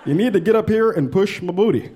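A man's voice: sits high, lively intonation, quick pace, warm tone, a little hiss or hum, voice pushed up. A comedian putting on a cool, smug older male politician with a laid-back drawl. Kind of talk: stand-up impression.

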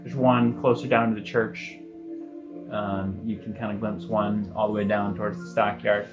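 A man narrating as game master of a tabletop game, animated and full of fillers. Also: fairly low pitch, normal speed. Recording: dull lo-fi recording, faint music.

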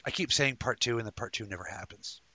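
A man's voice: mid-range voice, quick pace, bright, forceful tone. A man hosting a live talk show in a rambling, jokey way, full of stumbling restarts. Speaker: host. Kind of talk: casual live-show chat.

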